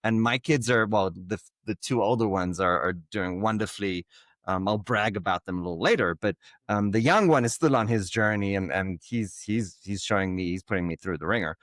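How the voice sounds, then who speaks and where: A middle-aged man hosting a podcast interview, reflective and a bit halting as he asks questions. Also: lowish voice, a bit bright, no echo, studio quality. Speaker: podcast host. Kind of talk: conversational interview.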